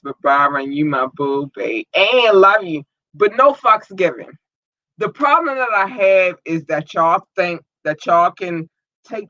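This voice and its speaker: A woman's voice: lowish voice, pushed and bright, dry recording. A woman hosting a podcast, ranting in a blunt, profane, fired-up way, with dull lo-fi sound. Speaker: podcast host. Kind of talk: live podcast rant. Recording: dull lo-fi audio.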